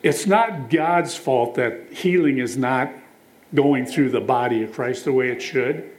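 A man preaches a sermon in a medium-pitched voice at a measured pace, telling stories, reading scripture aloud, and asking the congregation questions. The recording quality is low.

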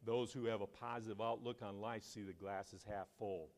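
A man preaching a sermon to his church, telling stories in a conversational way and rising to loud, emphatic peaks. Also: fairly low pitch, steady tone, normal speed. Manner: conversational storytelling, asks the congregation questions. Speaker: pastor.

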